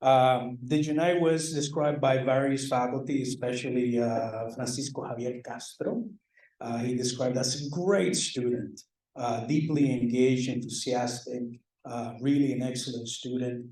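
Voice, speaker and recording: A man's voice: medium pitch, measured pace, darkish tone, slight background noise. A man, a department chair, presents student awards at a banquet in a loose, joking, self-deprecating way. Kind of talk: ceremony speech. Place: large banquet hall. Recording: echoey hall, mic far off.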